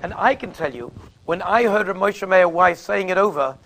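A rabbi gives a sermon in a high-pitched, animated voice with vocal fry and a fairly bright tone, at a moderate pace. He tells it conversationally through anecdotes, sprinkling in Yiddish and Hebrew terms.

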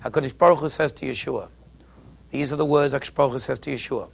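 A man giving a Torah lecture as a teacher, an emphatic and animated storyteller. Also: mid-range voice, quick pace, creaky.

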